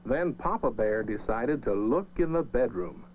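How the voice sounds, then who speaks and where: Lively sing-song male storybook narrator. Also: medium pitch, normal speed. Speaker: narrator of an old children's film. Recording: dull lo-fi film soundtrack with music.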